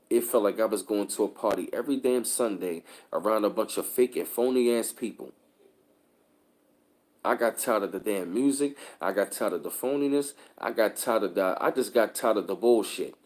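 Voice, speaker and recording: A man hosting his channel, telling stories in a profane, animated, casual rant with lots of filler. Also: fairly low pitch. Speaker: channel host.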